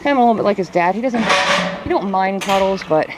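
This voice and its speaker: Chatty woman with a lively voice. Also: mid-range voice, quick pace, over loud music. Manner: chatty, coos baby talk to her animals. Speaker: farm vlogger. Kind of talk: casual chat while doing chores. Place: outdoors at a chicken coop on a farm. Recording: noisy outdoor farm recording. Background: chickens clucking.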